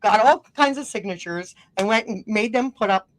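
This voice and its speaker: A middle-aged woman from northern Minnesota talks in a loose, rambling way, breaking into laughter as she tells stories. Her northern Minnesota accent colours a mid-pitched voice. The recording is close and dry, with no room sound. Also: normal speed, no echo. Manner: chatty, rambling, laughs often while telling stories. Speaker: guest musician-podcaster. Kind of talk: casual interview chat.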